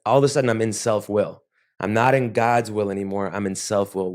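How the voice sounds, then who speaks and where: A man as an interview guest, speaking reflectively and haltingly with many restarts. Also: on the low side, steady tone. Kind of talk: podcast interview.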